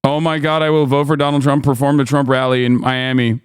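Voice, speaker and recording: A man's voice: mid-range voice, level tone, brisk, music in the background. A man casually commenting on clips as a streamer, sardonic and rambling, with restarts.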